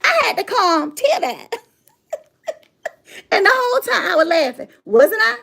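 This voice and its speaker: A woman's voice: extremely high pitch, sing-song, measured pace, vocal fry, fairly bright tone. A middle-aged woman talking casually to her audience in a sassy, emphatic way, laughing often and repeating herself for effect. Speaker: motivational speaker and channel host. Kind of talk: casual livestream monologue.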